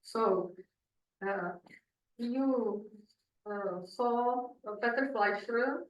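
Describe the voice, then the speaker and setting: A woman giving a conference talk on research, pausing often with "uh" and restarting phrases. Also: a little high. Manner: halting, many "uh" fillers and restarts. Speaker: researcher presenting at a seminar. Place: lecture room. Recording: echoey lecture room, distant mic.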